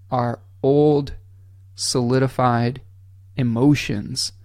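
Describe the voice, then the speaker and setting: Earnest, gravelly-voiced male astrology host. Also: mid-range voice, no room sound, studio quality. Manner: earnest, conversational, checks in with listeners; candid and blunt, drops mild swears. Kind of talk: livestream astrology forecast.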